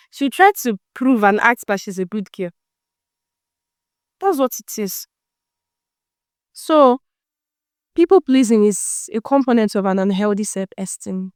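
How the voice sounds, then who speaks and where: A woman's voice: a little high, animated, unhurried, long pauses, dry recording, studio quality. A woman hosting a motivational self-help talk, preachy and teasing, full of rhetorical questions. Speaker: self-help podcast host.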